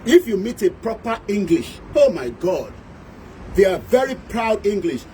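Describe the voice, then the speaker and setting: A high-pitched man with a Nigerian accent rants through a fiery political broadcast. He flips between English, Yoruba and pidgin and hammers his points home. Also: very animated, measured pace, mellow, slight background noise, rough recording. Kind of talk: impassioned political monologue.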